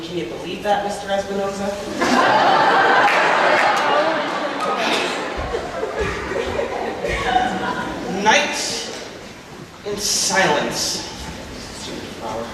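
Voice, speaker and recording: A mischievous fairy sprite, played by a teenage boy on a school stage, talking slowly and mockingly and slipping in jokey asides. The voice sits high. It is picked up from far off in a big echoing hall with a hiss of noise underneath. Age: teens. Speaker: student actor. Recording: echoey hall from far off, noisy.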